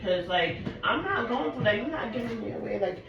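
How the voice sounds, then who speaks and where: A woman's voice: on the high side, fairly quick, muffled recording. Chatty New woman telling a story. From Harlem, New York. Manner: animated, chatty, peppered with "like". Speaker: storyteller vlogger. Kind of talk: casual storytime chat. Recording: echoey room with background noise.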